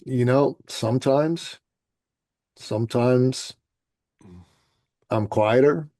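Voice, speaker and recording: A man born in Iran, speaking without an accent as a podcast guest, blunt and forceful, swearing freely and swinging between loud outbursts and quiet remarks. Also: mid-range voice, very slow. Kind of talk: forceful opinionated interview talk.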